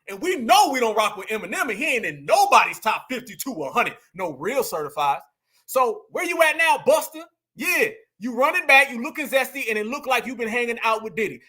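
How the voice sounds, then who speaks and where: A man's voice: very high voice, sharp tone. A man hosting a heated online reaction commentary, mocking as he talks to his chat.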